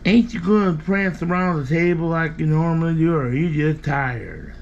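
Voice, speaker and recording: A man's voice: fairly high pitch, animated, moderate pace, creaky. A man talking to his pet cat in a casual home video, teasing and affectionate. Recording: dull lo-fi home recording, faint background noise.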